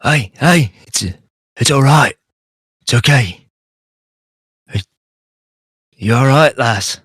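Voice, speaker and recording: A man voicing a gruff but kindly Cockney man who reassures a frightened girl, with a Cockney accent. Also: medium pitch, slow pace, fairly bright tone, no echo, studio quality. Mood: soothing.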